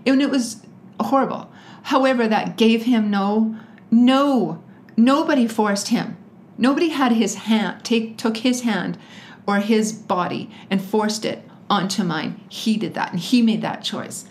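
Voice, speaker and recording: A woman's voice: fairly high pitch, measured pace, darkish tone. A woman being interviewed, telling a personal story emphatically and with animation, often laughing as she talks. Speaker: interview guest. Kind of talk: personal story told in conversation.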